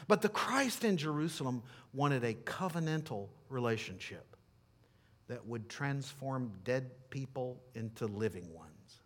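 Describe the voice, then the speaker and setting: A man pastor preaching a sermon and leading a closing prayer, emphatic, swinging from loud declarations to hushed lines. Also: mid-range voice, lively intonation, unhurried.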